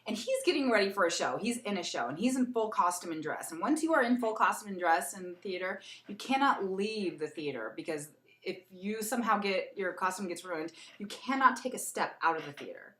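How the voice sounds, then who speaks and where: A young woman chatting casually in a get-to-know-me vlog, animated and laughing as she tells a story. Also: medium pitch, brisk. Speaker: beauty vlogger. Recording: echoey room.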